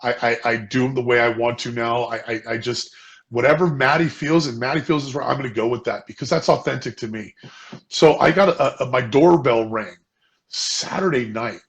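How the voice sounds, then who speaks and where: A man's voice: mid-range voice, normal speed. A man co-hosting a casual business chat, telling a personal story in an earnest way and often repeating words. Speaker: co-host.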